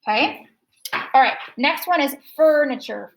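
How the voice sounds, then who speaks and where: A woman teaching a second grade phonics lesson, slowly repeating words to show which syllable is stressed. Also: fairly high pitch, low-quality recording.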